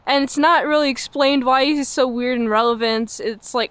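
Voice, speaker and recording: A young woman hosting a casual spoken episode review, chatty and exasperated, acting out characters in quick asides. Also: sits high, a bit bright, clear, resonant tone, no room sound. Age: young adult. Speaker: show host reviewing a TV episode.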